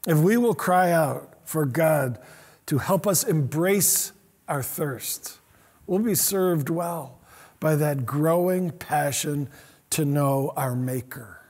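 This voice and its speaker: A middle-aged man preaches a sermon with a high, husky voice. He talks with animation and slips into voices for the quotes he reads. His delivery swings between earnest urging and quieter asides. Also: slow pace. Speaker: pastor.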